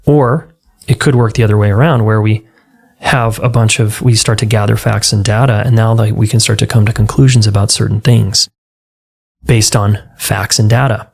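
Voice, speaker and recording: A man's voice: on the low side, steady tone, moderate pace, gravelly, darkish tone, slightly rough. A man hosting his own podcast as a relationship coach, talking earnestly and conversationally and acting out exchanges with clients. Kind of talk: solo podcast talk.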